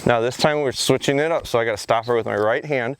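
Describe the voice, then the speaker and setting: A man talks through his training drills out in an open field, his voice at an ordinary middle pitch. He explains each step calmly between brief commands and praise. A faint outdoor hiss sits under the recording. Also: fast. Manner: alternates calm explanation with short commands and praise to a dog. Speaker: gun dog trainer. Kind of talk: outdoor training vlog, explaining while working the dog.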